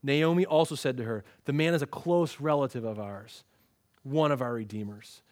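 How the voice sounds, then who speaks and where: A man's voice: mid-range voice, moderate pace, no echo, studio quality. A man preaching an expository sermon, telling the story with energy and acting out the lines he quotes. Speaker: pastor.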